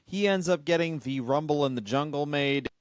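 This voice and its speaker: A man's voice: fairly high pitch, moderate pace, no echo. Laid-back male comedian, dry sound. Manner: laid-back, laughing, retelling facts. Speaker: comedian podcast co-host. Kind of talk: casual comedic chat.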